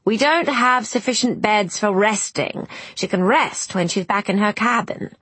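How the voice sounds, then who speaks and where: A woman's voice: medium pitch, measured pace, a bit bright, slightly rough, dry recording, pitched above the performer's own voice. A woman voicing a brusque, impatient male ship's doctor who speaks in short, dismissive orders. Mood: curt. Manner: curt, clipped and dismissive.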